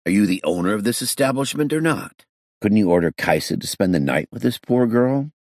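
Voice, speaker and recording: Brief: curt, blunt guest, very deep, creaky, read by a man. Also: expressive, fairly quick, dry recording, clean studio sound. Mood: exasperated.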